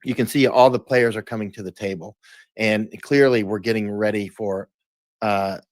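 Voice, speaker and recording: A man's voice: lowish voice, steady tone, moderate pace, no room sound. A man talking as an interview guest, emphatic, often restarting and repeating words. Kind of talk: casual interview talk.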